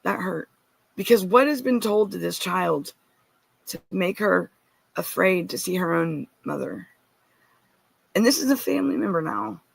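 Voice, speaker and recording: A woman's voice: fairly low pitch, expressive, measured pace, gravelly, pauses often, husky, dry recording. A woman giving an earnest, rambling personal account as a guest, often restarting and turning to ask listeners directly.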